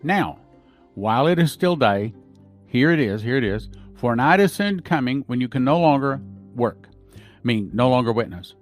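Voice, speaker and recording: A man's voice: mid-range voice, animated, normal speed, faint music behind. A man hosting a podcast, reading dreams and visions aloud and breaking off with his own asides. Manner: reads accounts, breaking off with asides. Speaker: podcast host. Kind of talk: reading prophecies aloud with commentary.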